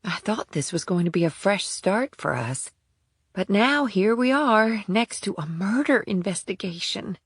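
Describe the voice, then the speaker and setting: A trembling young mother, as a man puts her on in a whispered role-play, pitched far up and set back from the mic. She talks in a frantic, worried rush. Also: expressive, unhurried, a bit bright, slightly rough, dry recording, studio quality, heavily acted. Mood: upset. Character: frightened young mother, anxious woman.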